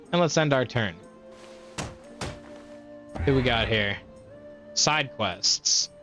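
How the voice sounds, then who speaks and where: Young male streamer, bright voice, profane play-by-play with faint game music behind. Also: mid-range voice. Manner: profane, trash-talking, mocking enemies. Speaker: gaming streamer. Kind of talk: casual gameplay commentary.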